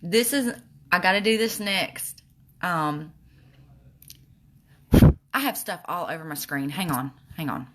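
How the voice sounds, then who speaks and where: Woman, slight lisp, bright tone, somewhat low voice, casual makeup livestream chat. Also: lively intonation, slow, pauses often. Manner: chatty, reads viewer comments aloud.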